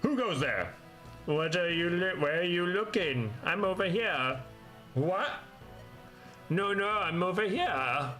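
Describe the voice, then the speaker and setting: A sinister dark sorcerer from a fantasy game taunts and gloats in a high, sly voice that stretches its words out theatrically. The tone is bright and cutting, with faint music behind. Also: male voice, lively intonation, slow pace, full character voice. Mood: mocking.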